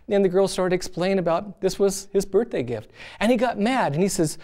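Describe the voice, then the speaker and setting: A man's voice: high-pitched, quick pace, a little mellow. A man preaching on marriage in a conversational, folksy way, telling stories. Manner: conversational, folksy, many "you know"s. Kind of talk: sermon with storytelling.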